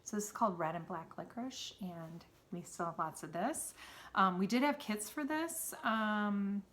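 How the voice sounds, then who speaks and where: A woman's voice: medium pitch, normal speed, fairly bright tone, slight background noise. A woman with a Wisconsin accent hosts a knitting show, chatting casually about yarn. She rambles happily, with frequent ums and self-corrections. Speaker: knitting podcast host and yarn seller. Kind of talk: casual show-and-tell chat.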